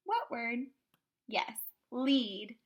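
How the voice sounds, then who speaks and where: A woman teaching kindergarten phonics online, sounding out words slowly and clearly with cheerful prompts. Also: on the high side, sing-song, dull audio.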